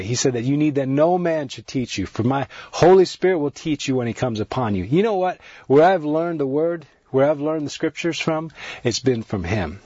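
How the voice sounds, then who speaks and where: Husky male preacher, earnest sermon delivery, dry muffled close-mic recording. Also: mid-range voice, darkish tone, no echo. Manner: earnest, repetitive, rising emphasis. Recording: dry, dull lo-fi sound.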